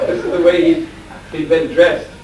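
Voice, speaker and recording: A male monk tells a long anecdote during a scripture class in a relaxed, conversational way, with frequent chuckles and hesitant fillers. His voice sits at an average pitch. The recording is distant, heavily reverberant and carries a faint hiss. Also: measured pace. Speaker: monk lecturer. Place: lecture room at a farmstead. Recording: echoey room, distant mic, faint hiss.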